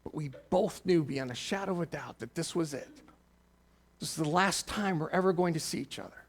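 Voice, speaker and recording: Telling a personal story from the pulpit, this Ohio pastor in his forties speaks briskly. He drops into a low, intimate register before rising as emotion takes hold.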